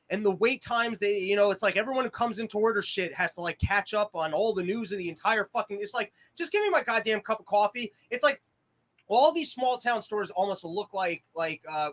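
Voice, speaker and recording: A man with a high, bright voice rambles through profane comic rants. He is hosting a casual podcast from a small shed studio. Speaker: podcast host.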